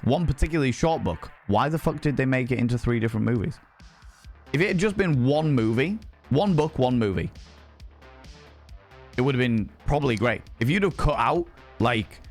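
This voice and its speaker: A man casually chatting on a live stream, reading chat aloud, swearing freely and slipping into cheeky put-on voices. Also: mid-range voice.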